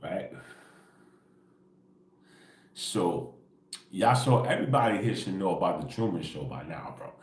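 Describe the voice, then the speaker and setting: A man hosting an early-morning spiritual livestream, talking casually and quietly in a rambling way, dropping "bro" and "right?" constantly and chuckling often. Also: deep voice, expressive, unhurried, long pauses, roomy sound. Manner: laid-back, rambling, peppered with "bro" and "right?".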